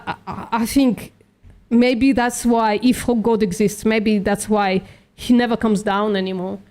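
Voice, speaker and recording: A woman's voice: mid-range voice, a little mellow. Blunt argumentative woman streamer. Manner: blunt, argumentative, swears, calls others sweetie. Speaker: streamer, vegan activist. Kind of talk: live-stream debate.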